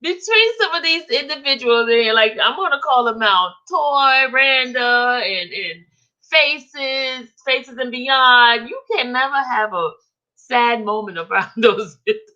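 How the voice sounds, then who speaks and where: A woman's voice: sits high, lively intonation, a little slow, bright, forceful tone, lo-fi sound. A woman hosting a casual livestream, teasing her chat and laughing through almost everything she says. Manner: giggly, keeps laughing while talking to the chat; chatty and teasing. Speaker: livestream host.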